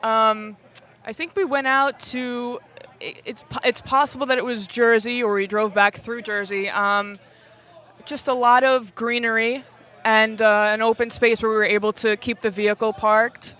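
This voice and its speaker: A woman, an actress in a short film, talking in a rambling, halting way with frequent laughs at a red carpet interview. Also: a little high, steady tone, a bit bright. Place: outdoors at a premiere.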